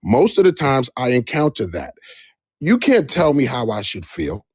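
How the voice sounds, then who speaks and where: Animated man speaking with conviction. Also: medium pitch, normal speed, husky, no echo, clean studio sound. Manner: animated, emphatic, repeats phrases for stress. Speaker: livestream debate participant. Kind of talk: impassioned live discussion. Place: Georgia area, on a live stream.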